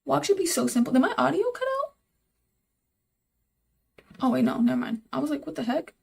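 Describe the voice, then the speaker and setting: A woman's voice: sits high, animated, a little fast, vocal fry, a little mellow, slightly rough. A young woman live-streaming while she codes, thinking aloud, repeating herself, and talking to her chat in casual, easily exasperated chatter.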